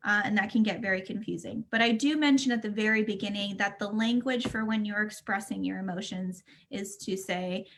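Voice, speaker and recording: Calm woman explaining feelings. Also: medium pitch, a little fast, few pauses, a little hiss or hum. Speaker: mental health speaker. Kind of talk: casual discussion, explaining.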